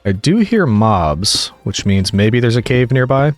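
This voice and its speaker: A man's voice: medium pitch, sing-song, unhurried, no room sound. A man giving chatty, jokey let's play commentary, talking to the game's monsters as he plays. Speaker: gaming commentator.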